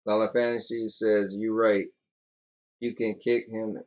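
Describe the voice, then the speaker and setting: A man's voice: on the low side, flat delivery, unhurried. A tired young man co-hosting a casual podcast, rambling loosely and reading out viewer comments. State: yawning, tired. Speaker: podcast co-host.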